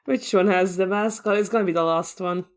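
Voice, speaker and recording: A woman's voice: medium pitch, fairly even intonation, brisk. A woman co-hosting a podcast in casual chat, thinking aloud as she reads, with dry humor. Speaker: podcast co-host and episode editor. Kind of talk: casual chat about tabletop games.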